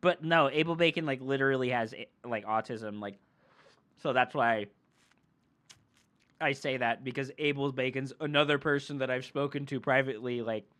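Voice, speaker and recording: A male game streamer tells a story as a heated, profane rant, speaking at a moderate pace in a medium-pitched, slightly bright voice. He keeps reaching for fillers like "like" and "right?" as the storytime chat builds.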